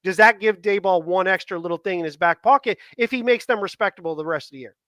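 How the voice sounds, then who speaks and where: A man's voice: sits high, fast talker, sharp tone, no room sound. A man co-hosting a sports podcast in casual chat, rambling and asking long, winding questions. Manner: acts out quoted dialogue. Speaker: podcast co-host.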